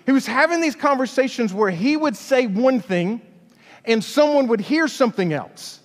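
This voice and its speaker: A man's voice: very high voice, expressive, moderate pace, long reverb tail. A man from Alabama, a youth pastor telling a chatty story in a sermon, with stumbling restarts.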